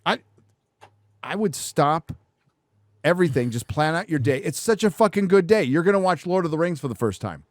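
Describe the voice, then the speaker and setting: A man's voice: fairly high pitch, animated, moderate pace. Crude, profane man hosting a live show. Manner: crude, profane and playfully trolling. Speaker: livestream show host reading viewer donations. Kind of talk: casual panel chat.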